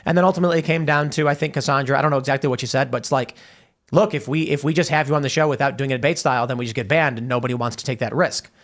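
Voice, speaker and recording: A man's voice: mid-range voice, fairly even intonation, very fast, a bit bright. A man hosting a talk show, reading viewer messages aloud and rambling through a long story. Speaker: podcast host. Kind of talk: casual talk-show banter.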